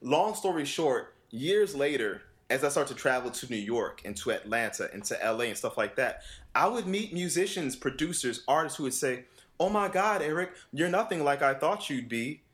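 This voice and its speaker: Animated man telling a story. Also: mid-range voice, normal speed. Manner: animated, acts out quoted dialogue with voice shifts; frequent laughter and casual swearing. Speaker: vocal coach. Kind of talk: casual storytelling chat.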